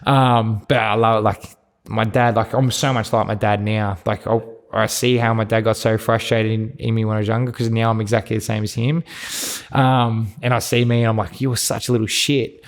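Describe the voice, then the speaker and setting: Gravelly Australian man telling his story. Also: on the low side, level tone, normal speed. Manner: rambling, frank, swears, many restarts. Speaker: podcast guest. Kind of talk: candid personal storytelling interview.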